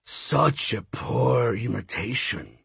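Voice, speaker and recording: Man voicing a menacing male death god, silky and mocking, husky, slow, storybook villain. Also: medium pitch, animated, fairly bright tone, dry recording, heavily acted. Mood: smug mocking.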